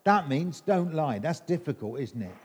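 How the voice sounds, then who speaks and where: A man's voice: fairly high pitch, very animated, normal speed, a little mellow, breathy edge. A middle-aged English man preaching an all-age sermon, quizzing children in a playful, teasing way.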